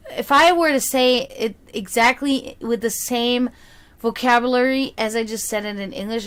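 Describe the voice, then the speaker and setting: Her mid-range voice has a fairly bright tone and a German accent, German being her native tongue. As a psychic reader doing tarot on a live stream, she wanders affectionately from point to point, leaning on pet names and lots of filler words.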